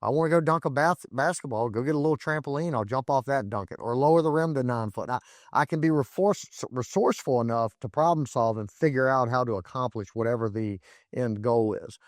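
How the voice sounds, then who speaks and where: A man's voice: medium pitch, brisk, no echo. 40s guy doing a solo podcast, emphatic and repeats himself a lot, medium voice, dead dry sound. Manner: emphatic, repeats words and restarts, coaching tone. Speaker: podcast host.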